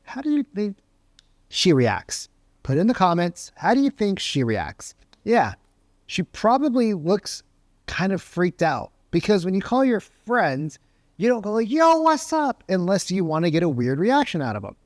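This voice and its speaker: Energetic man teaching sales, fairly high voice. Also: moderate pace, no room sound, studio quality. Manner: energetic, conversational, keeps asking "right?". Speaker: real estate sales coach. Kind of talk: motivational sales teaching to camera.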